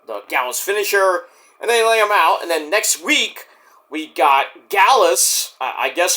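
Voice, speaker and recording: A man's voice: a little high, sharp tone. A man casually recapping and reviewing a wrestling show, chatty and profane, acting out the wrestlers' lines as he goes. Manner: profane, chatty, acts out quotes.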